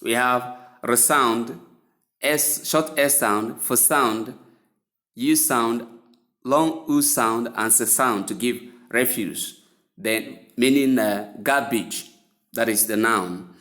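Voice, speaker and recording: Male pronunciation teacher, unhurried and deliberate, spells words out letter by letter, mid-pitched voice. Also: bright, forceful tone. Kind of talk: spoken English lesson.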